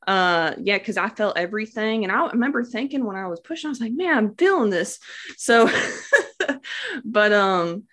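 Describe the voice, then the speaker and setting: A woman's voice: medium pitch, animated, a little fast, fairly bright tone. A young woman telling her birth story in a casual, devout way, with many fillers and words of praise. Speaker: new mother sharing a birth story. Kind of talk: casual personal testimony.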